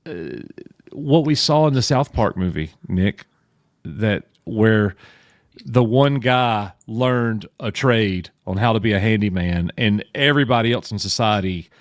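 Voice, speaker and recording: A man's voice: fairly low pitch, lively intonation, unhurried, no room sound, clean studio sound. A man hosting a casual livestream chat, opinionated and drawn out when making a point. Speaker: podcast host.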